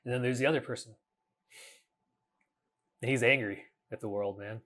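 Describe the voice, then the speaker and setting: A man in his thirties, speaking at a middle pitch, hosts a reflective solo podcast. He talks earnestly and haltingly, often restarting his sentences and dropping casual curses. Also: fairly even intonation, fairly bright tone. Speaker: podcast host.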